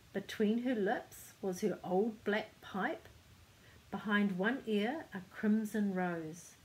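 An older woman reading a picture book aloud, gently pausing to point out the pictures to a child. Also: medium pitch, rough recording. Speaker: storyteller.

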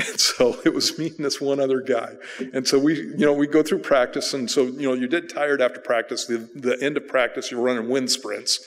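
A male pastor preaching, telling a personal story in a relaxed, conversational way with fillers and restarts. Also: medium pitch, brisk. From United States. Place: church sanctuary. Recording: church sanctuary reverb.

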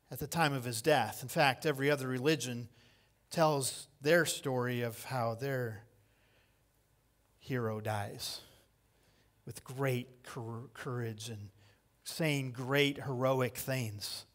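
A man preaching a sermon as pastor, swinging between loud impassioned cries and hushed lines and repeating key phrases for emphasis. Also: medium pitch, fairly even intonation, takes it slowly.

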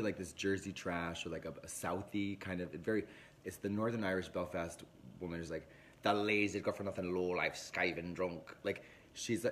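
A man hosting a casual livestream, rambling and profane, telling a story in an animated way into a phone. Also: low voice, slight background noise. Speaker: livestream host.

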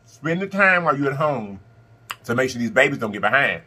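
A man's voice: mid-range voice, very animated, fairly quick, bright, forceful tone, slightly rough. A middle-aged man, talking casually to the camera while he eats and fondly calling his viewers "baby" and "y'all". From Southern United States. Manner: affectionate, preachy, calls viewers "baby" and "y'all". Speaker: mukbang vlogger.

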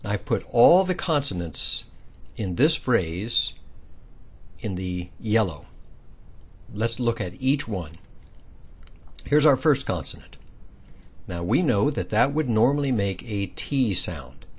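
In this recorded pronunciation lesson, the male teacher speaks slowly with long pauses, his fairly low, husky voice swinging widely in pitch. He guides learners patiently step by step, explaining as he goes and posing small quiz questions.

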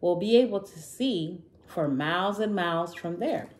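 A woman's voice: fairly low pitch, moderate pace, close to an everyday voice. A woman reading the part of a timid little baby ape who talks in a shivery, hesitant way.

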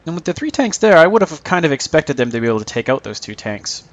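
A man's voice: a little high, very animated, quick pace, dull audio. A man giving casual, joking commentary over his own tank gameplay, mocking himself and chuckling often.

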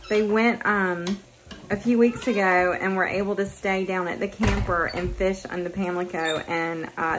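A woman's voice: mid-range voice, fairly bright tone, slight background noise, poor audio. A woman chatting casually in her farm vlog, laughing often and talking straight to her handheld phone. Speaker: farm wife vlogger.

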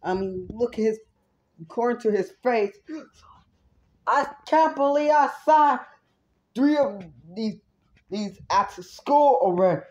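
Woman reviewer, slow indignant swearing rant, higher voice. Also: animated, darkish tone, dull audio. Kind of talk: ranting review vlog.

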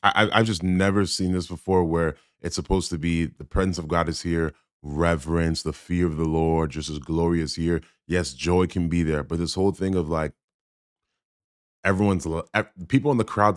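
A man's voice: sits low, fairly even intonation, normal speed, dry recording, clean studio sound. A man giving blunt, critical reaction commentary on a sermon clip, speaking emphatically. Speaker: Christian commentator.

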